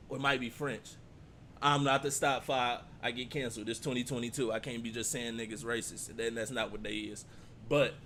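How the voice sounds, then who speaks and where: Animated man reacting to a clip. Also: mid-range voice, slight background noise. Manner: animated, talks back at the clip, repeats points. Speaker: reaction streamer. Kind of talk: casual reaction commentary.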